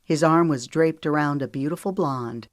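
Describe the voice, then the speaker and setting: A woman narrating an audiobook in a calm, measured storytelling manner. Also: sits low, no echo, clean studio sound. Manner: calm, measured storytelling with lifted voices for dialogue. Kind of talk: scripted narration.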